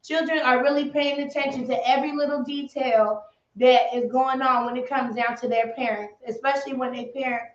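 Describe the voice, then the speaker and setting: A woman hosting a casual interview, talking in a steady, reflective way and asking questions. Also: high-pitched, a little fast. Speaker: host. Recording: roomy, distant, dull lo-fi sound.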